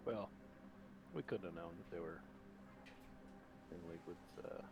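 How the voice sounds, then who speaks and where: Low-voiced easygoing male player. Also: moderate pace, noisy background. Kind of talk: casual chat.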